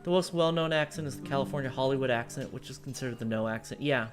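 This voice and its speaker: A woman's voice: extremely low pitch, quick pace, over music. A woman from the United States streaming a strategy game and chatting casually with her viewers, rambling and full of fillers and restarts. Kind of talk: casual live-stream chat while playing a strategy game.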